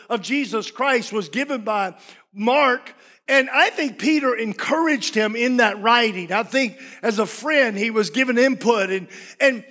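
A man preaching a sermon as pastor, impassioned, his voice swinging from loud to hushed. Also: extremely high pitch.

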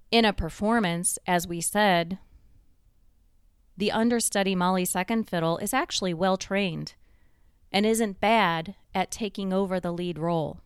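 A woman giving a reflective motivational talk, slowing down to stress key points and building them through repeated phrases. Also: mid-range voice, clear, resonant tone, no echo, studio quality. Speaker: motivational speaker.

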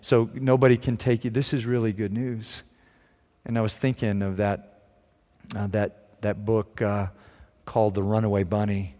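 A man preaching a sermon in a relaxed, conversational way, closing in prayer. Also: fairly low pitch, moderate pace, big-room sound. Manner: conversational preaching, sings hymn lines softly. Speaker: pastor.

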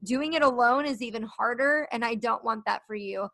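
A woman's voice: fairly high pitch, normal speed, sharp tone, dry recording. A young woman hosting her own podcast, talking earnestly and encouragingly to her listeners. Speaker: podcast host. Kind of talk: solo podcast talk.

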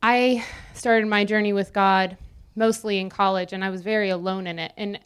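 A woman's voice: medium pitch, steady tone, moderate pace, clear, resonant tone. A young adult woman giving a sermon in a conversational style, joking with the congregation between scripture readings. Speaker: preacher.

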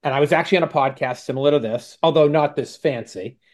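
A man's voice: on the high side, fast talker, darkish tone. Confident man explaining as an interview guest. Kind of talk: interview answers.

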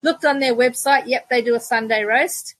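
A woman's voice: a little high, moderate pace, a bit bright, no echo, low-quality recording. A middle-aged Australian woman, a podcast guest, telling stories in casual chat and laughing often. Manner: chatty storyteller, laughs often.

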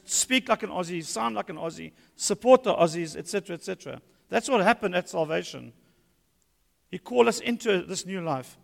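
High, gravelly preacher. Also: male voice. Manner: emphatic preaching with humorous asides. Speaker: pastor. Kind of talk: sermon. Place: church hall. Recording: long church-hall reverb.

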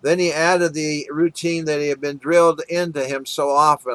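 Man, sermon storytelling, earnest, slightly high voice, dry close sound. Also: little pitch movement, moderate pace, fairly bright tone, no room sound. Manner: earnest storytelling with plain acted quotes. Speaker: preacher.

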